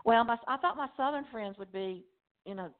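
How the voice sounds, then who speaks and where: Woman author guest, mid-pitched, rambling and easygoing, laughs easily, phone-line sound. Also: brisk. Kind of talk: casual interview chat. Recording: phone-line interview audio.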